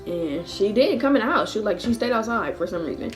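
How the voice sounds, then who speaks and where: A young woman in her twenties chats through a storytime vlog, lively and full of laughs as she acts out the voices of family and friends. Her voice sits at an ordinary middle pitch, and faint music plays underneath. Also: a little fast. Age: 20s. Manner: animated, acts out quotes with laughs. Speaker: vlogger. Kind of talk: casual storytime.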